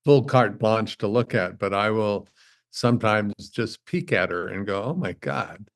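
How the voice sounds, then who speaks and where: Halting, self-deprecating male guest. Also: on the low side. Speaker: podcast guest. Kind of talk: casual interview chat.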